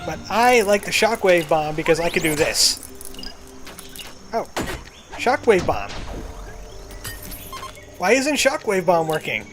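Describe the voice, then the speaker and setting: A man narrating his own game run in a chatty, self-mocking way, his voice sitting a little higher than most men's. Game music plays clearly underneath him throughout. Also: sing-song, slow pace, pauses often, a bit bright. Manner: self-deprecating, chatty, jokey. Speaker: let's play gamer. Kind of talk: casual gameplay commentary.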